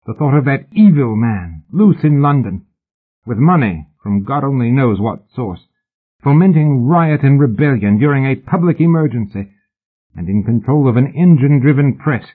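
A man voicing an agitated gentleman scholar who speaks urgently and anxiously, in a storybook reading. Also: medium pitch, lively intonation, normal speed, breathy edge, voice pushed up. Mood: alarmed. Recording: tinny phone-like audio.

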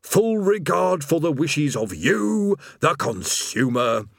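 A put-upon male demon guarding hell's door, voiced by a man grumbles in a mournful, plain-spoken way. The voice sits noticeably higher than the reader's own and swings up and down in pitch. It is read close and dry, like an audiobook. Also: sing-song, slow pace, creaky, dry recording, full character voice. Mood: stiff scripted. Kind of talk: audiobook character voice.

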